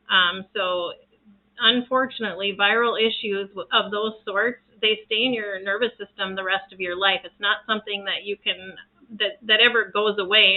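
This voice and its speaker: An earnest woman chats casually to her viewers, rambling and restarting her sentences as she goes. Her voice sits in a middling register. The recording is thin and tinny, like a phone line. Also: mid-range voice. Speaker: reiki practitioner sharing home remedies. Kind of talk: casual talk to camera.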